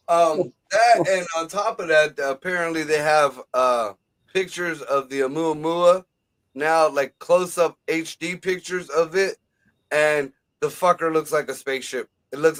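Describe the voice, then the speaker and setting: A man co-hosting a casual livestream chat, excitable and profane, given to conspiratorial talk. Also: fairly high pitch, measured pace, rough recording. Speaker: podcast co-host.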